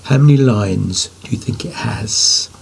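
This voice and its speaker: A man's voice: mid-range voice, unhurried, gravelly, breathy edge. An older man, a poet, giving a writing lesson to children, thinking aloud as he drafts and praising imagined answers.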